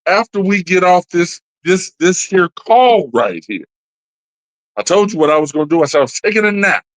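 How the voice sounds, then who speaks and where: A man co-hosting a casual movie podcast, with a high and very expressive voice. He launches into playful, mock-serious rants. The sound is dry, with no room echo. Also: normal speed. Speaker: podcast co-host. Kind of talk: casual movie-discussion chat.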